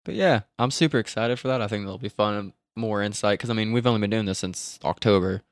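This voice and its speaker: A man co-hosting a podcast in casual chat, easygoing and quick to laugh at himself. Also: fairly low pitch, no echo, studio quality. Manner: easygoing, laughs at his own failed accent attempts. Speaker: podcast co-host.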